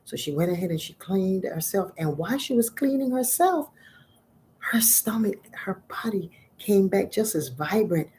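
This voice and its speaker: A middle-aged woman telling a folk myth in an expressive, conversational voice. Her pitch sits in the middle range, and she talks the way a spiritual teacher talks to her students. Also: normal speed, a little hiss or hum.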